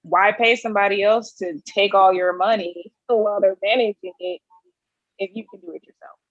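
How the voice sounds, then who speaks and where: A woman's voice: medium pitch, fairly even intonation, normal speed, no echo. Upbeat lady co-host, encouraging, dry muffled kinda dull sound. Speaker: podcast co-host. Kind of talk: casual chat.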